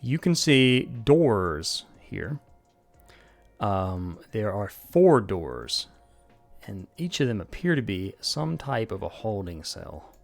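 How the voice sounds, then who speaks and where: A man narrating as game master of a tabletop role-playing game, halting with fillers as he describes the scene. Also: fairly low pitch, big pitch swings, vocal fry, faint music behind.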